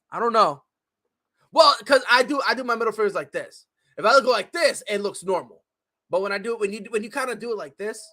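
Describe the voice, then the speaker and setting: A man's voice: high-pitched, sharp tone. A man hosting a podcast, ranting in a casual, heated and profane way with lots of swearing. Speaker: podcast host.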